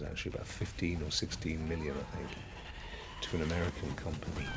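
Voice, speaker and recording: A man's voice: sits low, background noise. A man streaming a video game, chatting in a rambling way with frequent laughs. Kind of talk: casual gameplay commentary.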